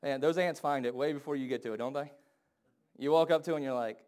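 A married man preaching a sermon, acting out the people he quotes with big jumps in loudness and pitch. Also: fast talker. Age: adult, married. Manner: animated, acts out quoted voices with big swings in pitch and volume.

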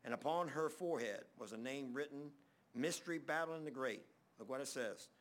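A man preaching a sermon, telling stories in a rambling way that speeds up in bursts and drops soft at the ends of phrases. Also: mid-range voice, fairly quick.

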